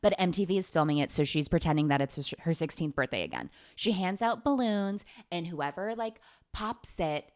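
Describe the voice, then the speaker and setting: A young woman chatting to camera and retelling a film plot with sarcastic asides and plenty of swearing. Her voice sits low for a woman, and she comes across as gossipy and amused. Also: normal speed, a little mellow. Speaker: vlogger. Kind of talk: casual movie recap.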